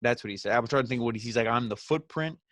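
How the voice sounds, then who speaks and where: A man casually recapping a wrestling show, sarcastic and ranting, jumping into quick mocking impressions of the people he talks about. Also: medium pitch, steady tone, a bit bright, no echo. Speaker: wrestling review host.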